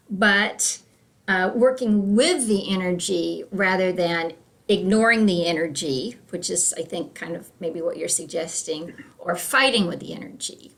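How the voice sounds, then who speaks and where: A woman's voice: medium pitch, a bit bright. A woman leading a church adult education class, chatty and self-deprecating, acting out voices as she tells stories. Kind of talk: classroom talk with anecdotes.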